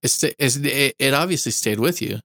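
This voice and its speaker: A man hosting a casual interview podcast, conversational and quick to laugh. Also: medium pitch, lively intonation, bright, forceful tone, no echo. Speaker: podcast host.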